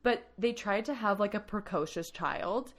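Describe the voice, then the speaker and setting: A young woman co-hosting a podcast, telling stories in a lively, laughing way during casual chat. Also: mid-range voice, normal speed. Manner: animated storyteller, laughs often. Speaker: podcast co-host.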